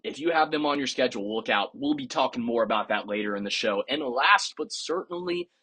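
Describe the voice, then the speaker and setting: A man's voice: medium pitch, very animated, fairly quick, sharp tone, husky. A man hosting a podcast, giving casual, opinionated sports commentary with a playfully sarcastic edge. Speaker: podcast host.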